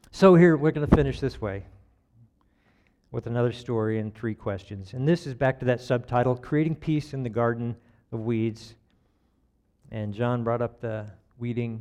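A man speaking to a church congregation in an easygoing, folksy storytelling manner. His voice sits at an ordinary middle pitch. He chuckles at himself now and then as he talks. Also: mellow. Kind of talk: conversational storytelling sermon.

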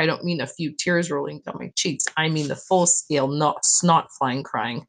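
A woman reads a novel aloud in an expressive, emotional manner. Her voice sits a little low. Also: moderate pace, rough recording. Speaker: audiobook reader.

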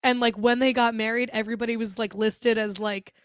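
A woman co-host talks through a movie in a loose, gushing way, swearing and laughing as she goes. Her voice sits a little high and sounds dry and close, with no room around it. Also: level tone, fairly quick, clear, resonant tone, dry recording. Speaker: podcast co-host. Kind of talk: casual movie chat.

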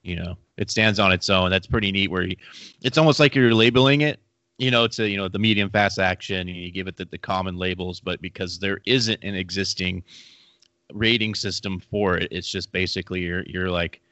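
Deep-voiced guy chatting loosely, lots of you-knows, dry dull sound. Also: brisk, sharp tone, no room sound. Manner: rambling, many fillers and restarts. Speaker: fly fishing podcast co-host. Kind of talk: casual chat.

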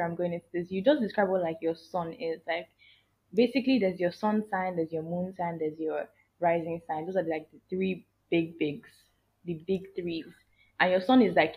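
An animated, emphatic woman chatting as a podcast guest, laughing often. Her voice comes through a thin, phone-like line. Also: fairly low pitch. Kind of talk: casual chat. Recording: tinny phone-like sound.

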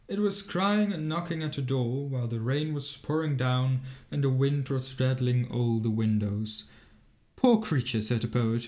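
A man narrating a fairy tale in a measured, expressive storybook reading. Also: mid-range voice.

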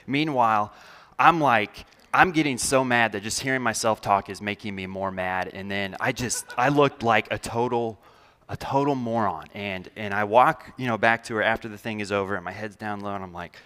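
A man's voice: on the low side, pushed and bright, clear, resonant tone, in a large hall. A man leading a church message in a loose, conversational way, with many fillers and self-deprecating humor. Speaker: pastor. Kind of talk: sermon. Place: large church hall.

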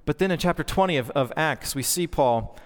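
A man's voice: fairly high pitch, expressive, brisk, a little hiss or hum. Pastor, male, thirties, earnest conversational sermon, voice ringing in a reverberant hall. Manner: earnest, conversational preaching with fillers.

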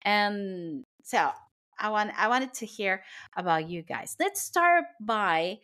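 A woman's voice: medium pitch, expressive, slow, sharp tone. A woman hosting a podcast, asking questions and agreeing eagerly with her guests. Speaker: podcast host. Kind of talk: interviewing.

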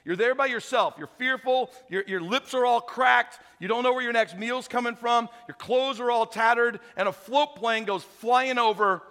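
A man preaches to a packed auditorium, quizzing and teasing the crowd. His voice sits high and bright. A long reverb from the big hall trails every phrase. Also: moderate pace, hardly any pauses, clean tone. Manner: animated, interactive, joking with the crowd. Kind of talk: sermon to a live auditorium. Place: large auditorium.

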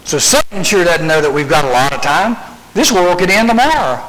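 A man's voice: sits high, expressive, a little fast, fairly bright tone, low-quality recording. A man preaching a youth sermon, acting out scenes as a live demonstration and asking rhetorical questions. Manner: dramatic storytelling with rhetorical questions. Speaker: youth speaker.

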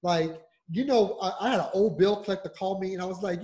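A man co-hosting a casual podcast, telling a story in a loud, profane rant and acting out a heated phone call. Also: sits high, fairly quick, few pauses. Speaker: podcast co-host.

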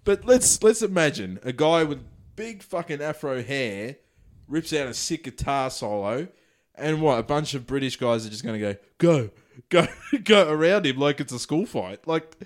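Lively, laughing man joking around. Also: mid-range voice, moderate pace. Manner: laughs often, crude joking banter. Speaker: podcast co-host. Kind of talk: casual comedic chat.

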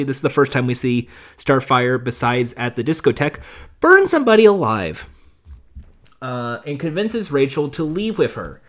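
A man in his late twenties casually recapping TV episodes, rambling and sarcastic, with the odd curse word. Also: a little high. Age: late 20s. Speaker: TV show recapper.

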